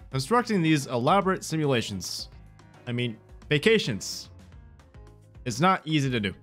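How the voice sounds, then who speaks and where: A man with a mid-range voice reads a dating game aloud, turning its lines into playful, theatrical comedy. His delivery is animated and jokey. Light game music plays softly behind him. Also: mid-range voice, moderate pace. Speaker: gaming content creator.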